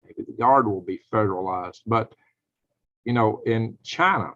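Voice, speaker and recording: A man's voice: lowish voice, normal speed, a bit bright, no room sound. A man hosting a live show, talking in a rambling, speculative way with frequent chuckles. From United States. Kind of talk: rambling live-stream commentary. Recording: dull lo-fi dry sound.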